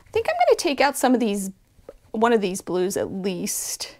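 A woman's voice: mid-range voice, very animated, normal speed, darkish tone. A woman hosting a casual sewing tutorial, chatting and thinking aloud as she works, with a self-deprecating, friendly way of talking. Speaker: quilting channel host.

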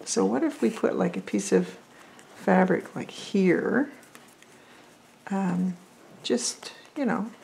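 A woman's voice: medium pitch, takes it slowly, vocal fry, long pauses, a little mellow, slight background noise. A woman vlogging as she makes paper crafts, chatty and thinking aloud as she works. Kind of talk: casual crafting chat.

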